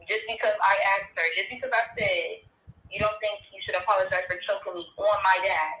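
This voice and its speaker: A woman's voice: mid-range voice, steady tone, fairly quick, pushed and bright, a little hiss or hum. A young adult woman telling her own story and reading messages aloud, emphatic and indignant. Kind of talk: casual retelling, reading texts aloud. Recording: roomy echoey recording.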